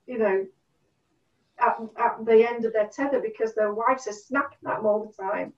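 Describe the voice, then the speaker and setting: A middle-aged woman telling stories in a casual chat, animated, acting out what people said. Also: a little high, normal speed. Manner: animated storyteller, acts out quotes. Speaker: guest. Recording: distant, roomy, dull sound.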